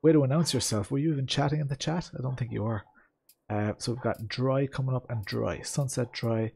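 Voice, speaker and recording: A man's voice: medium pitch, a little fast, gravelly, a little mellow, slightly rough. Chatty male sim racing streamer. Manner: chatty, rambling, full of fillers and asides to chat. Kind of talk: live-stream gameplay commentary.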